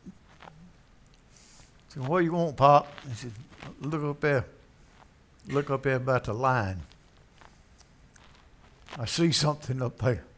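A man's voice: mid-range voice, slow pace, pauses often, fairly bright tone. A man preaching a sermon, telling a story in a folksy way and acting out its characters. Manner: folksy, acts out voices in the story.

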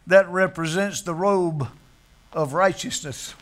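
A man's voice: sits high, measured pace, pushed and bright. A man preaching a sermon, telling a story in a folksy way and acting out its characters. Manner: folksy, acts out voices in the story.

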